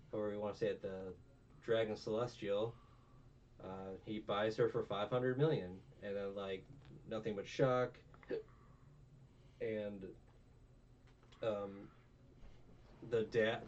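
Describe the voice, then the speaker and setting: A man with a fairly low voice recaps an anime arc in loose, profane chat, getting louder when he gets worked up. He sits a bit back from a dull, lo-fi mic. Faint room noise hums underneath. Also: far from the mic. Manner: rambling, profane, animated with put-on character voices. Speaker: anime reviewer host.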